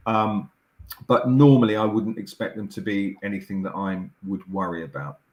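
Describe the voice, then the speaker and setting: A middle-aged man, a doctor explaining things in a measured, reassuring way with frequent restarts. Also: on the low side, steady tone, a little mellow. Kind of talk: explaining as an interview guest. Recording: echoey room sound.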